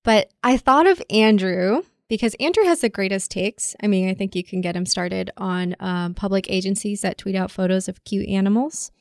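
A woman's voice: mid-range voice, moderate pace, few pauses, no room sound, studio quality. A woman hosting a podcast, introducing a guest in light, casual chat. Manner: light, laughs often. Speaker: podcast host.

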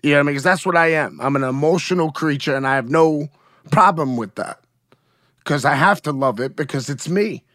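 A man with a fairly high voice speaks openly and emotionally as a guest in an interview, often checking in with "you know what I mean?". The recording is dry and close, with no room sound. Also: fairly quick, fairly bright tone, dry recording. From United States. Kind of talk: candid conversational interview.

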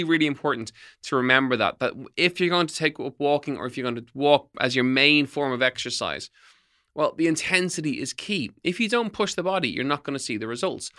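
A man's voice: fairly high pitch, pushed and bright. A middle-aged man hosting a fitness podcast, giving tips in an emphatic coaching tone. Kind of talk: solo podcast talk, tips.

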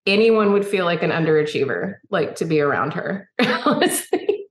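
A woman guest, a singer-songwriter, telling stories in a chatty, animated way and acting out the dialogue. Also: lowish voice, normal speed. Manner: chatty, animated storyteller who acts out dialogue. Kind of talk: casual interview storytelling. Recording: roomy echo.

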